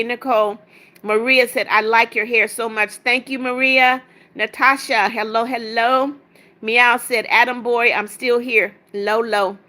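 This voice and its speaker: A woman hosts a casual livestream, reading viewer comments aloud and answering them bluntly and sassily. Her voice is on the high side, pushed and bright.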